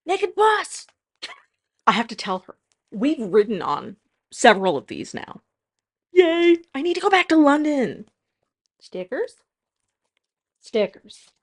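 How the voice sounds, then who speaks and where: Young woman vlogger; casual, heartfelt chat that turns bubbly and excitable. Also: a little high, moderate pace. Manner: soft and tearful, then bubbly and excitable.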